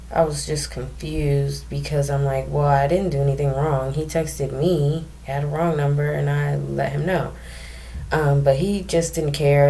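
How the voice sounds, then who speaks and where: A young woman telling a personal story to camera in a candid, emotional way, with frequent pauses and restarts. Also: deep voice, vocal fry, darkish tone, slight background noise. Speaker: vlogger telling her own story.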